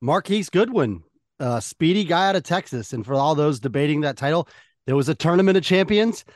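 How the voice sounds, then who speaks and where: A man's voice: a little high, expressive, fairly quick, no echo, studio quality. A man co-hosting a podcast in a casual, playful, teasing way. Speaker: podcast co-host.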